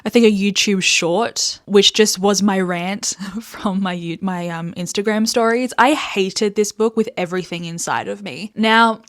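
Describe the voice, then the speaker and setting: A young Australian woman hosting a casual book vlog, animated and sweary as she rants, with frequent laughs. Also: mid-range voice, measured pace. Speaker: book reviewer host.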